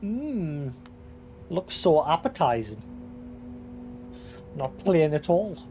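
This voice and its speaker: Streamer, casual gameplay talk, measured reading aloud, mid pitch, faint background hiss. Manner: reads in-game documents aloud in a measured, deliberate cadence; relaxed, offhand asides between readings. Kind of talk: live gameplay commentary.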